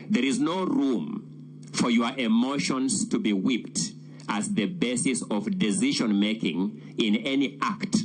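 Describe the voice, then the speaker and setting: A man delivers a formal legal argument in a slow, deliberate cadence. His pitch rises and falls widely as he stresses key words with oratorical weight. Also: husky. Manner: measured, oratorical, emphatic. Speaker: defense lawyer addressing the Senate.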